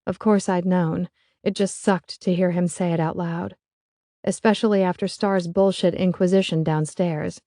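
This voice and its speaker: A woman's voice: on the low side, steady tone, normal speed, dark tone, dry recording, clean studio sound. A woman narrating a first-person romance audiobook in a wry, confiding way.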